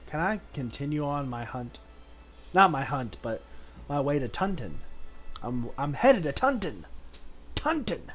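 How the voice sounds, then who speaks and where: A man in a relaxed, slow-paced gameplay commentary, his voice sitting a little higher than most men's. He reads the on-screen text aloud at an unhurried clip, then jumps into loud, excited reactions. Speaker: game streamer.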